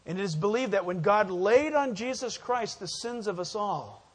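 High-voiced preacher, emphatic teaching. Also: male voice, lively intonation, normal speed. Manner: emphatic, asks the congregation fill-in questions. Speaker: pastor. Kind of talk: sermon, verse-by-verse Bible teaching.

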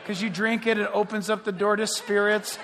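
A man preaching a sermon as pastor, animated and joking, acting out the voices of other people. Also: sits high, fairly quick, big-room sound, noisy background.

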